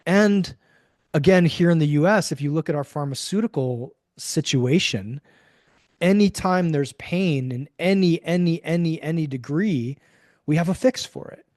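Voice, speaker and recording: A man talks emphatically as a guest on an interview podcast, often slipping into quoted voices and casual swearing. His voice sits a little high for a man. The sound is dry and close, with no room around it. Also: moderate pace, darkish tone, no echo. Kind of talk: conversational interview.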